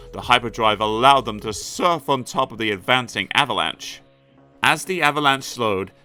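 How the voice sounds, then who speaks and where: A man reading a children's storybook aloud in an animated narration. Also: on the low side. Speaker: audiobook narrator.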